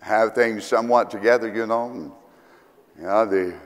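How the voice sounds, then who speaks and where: A male pastor from Kentucky with a Southern accent, telling rambling, humorous stories in a sermon, often pausing with fillers. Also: lowish voice, fairly even intonation. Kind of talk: storytelling sermon. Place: church sanctuary. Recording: reverberant church hall.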